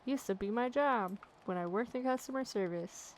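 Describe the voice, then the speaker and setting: A woman's voice: fairly high pitch, normal speed, slight background noise, rough recording. A woman casually commenting on her gameplay with joking, chatty asides into a desk mic. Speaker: let's play gamer.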